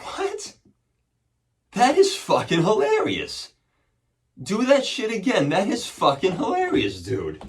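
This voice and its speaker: A belligerent, foul-mouthed police officer, put on by a man telling a story, barking his lines loud and high-pitched. He sounds confrontational and quick to swear. The voice sits a little away from the mic over a faint hiss. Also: wildly swooping pitch, recorded from a distance, full character voice. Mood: amused. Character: hostile, foul-mouthed male cop.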